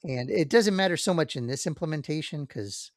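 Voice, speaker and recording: A man co-hosting a podcast, talking in a relaxed, rambling way, checking himself as he goes. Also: on the high side, brisk, no echo, clean studio sound. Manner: relaxed, rambling, many fillers and self-checks. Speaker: podcast co-host. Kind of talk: casual chat.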